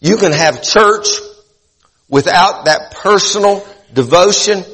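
High-voiced preacher in a reverberant hall. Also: male voice, slow, a bit bright. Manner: earnest, repeats and restarts phrases for emphasis. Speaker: pastor. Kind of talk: sermon.

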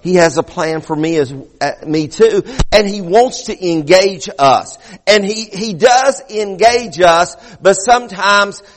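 A man's voice: sits high, slow pace, hardly any pauses, long reverb tail. A middle-aged male pastor preaching a sermon, fervent, restarting phrases and repeating words as he builds.

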